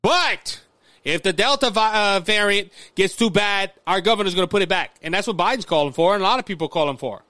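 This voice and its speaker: Bright high-voiced man ranting. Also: expressive, fairly quick, no room sound. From Louisiana. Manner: repetitive restarts, talks straight to listeners as folks. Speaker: podcast host. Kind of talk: political commentary monologue.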